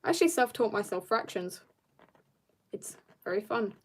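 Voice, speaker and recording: With an animated, husky mid-range voice at a moderate pace, a South African woman chats with her audience while drawing live. She reads out their comments and responds from a room upstairs in her home.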